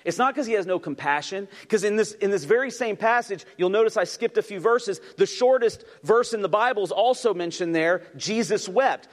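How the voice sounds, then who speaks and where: A man preaching a sermon in an animated way, asking his audience to call out answers. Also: sits high, normal speed, few pauses, in a large hall. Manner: animated, asks the audience to respond. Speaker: pastor.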